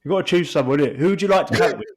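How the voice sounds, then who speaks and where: A man's voice: on the high side, lively intonation, rapid-fire, pitched above the performer's own voice. A man voicing a cocky London footballer-pundit figure who pads every sentence with "yeah?" and "bruv". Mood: impatient. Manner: repeats "yeah?" and "bruv" tags.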